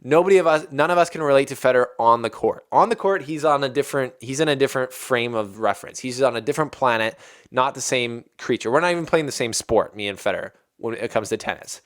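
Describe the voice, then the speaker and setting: A man talks through tennis highlights in a loose, chatty way. He gets excited and often laughs. His voice is smooth and clear, at a middle pitch. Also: quick pace. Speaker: tennis video host. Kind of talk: casual recap commentary.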